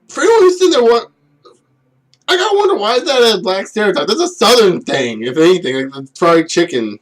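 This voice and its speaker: A man in his twenties giving an unscripted game review, rambling, laughing often and making self-deprecating asides. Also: on the high side.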